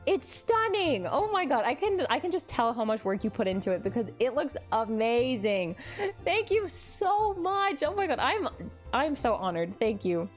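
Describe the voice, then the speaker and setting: Reacting to fan art during a casual live stream, a young woman gushes excitedly and laughs often. Her voice is high-pitched and moves at a normal speed, with soft music playing in the background.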